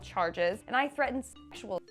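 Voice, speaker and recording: Woman from Canada, fairly high voice, reading posts with lively asides, faint music behind. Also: moderate pace. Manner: animated, laughs often, slangy asides. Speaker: YouTuber reading Reddit posts. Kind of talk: casual reading and commentary.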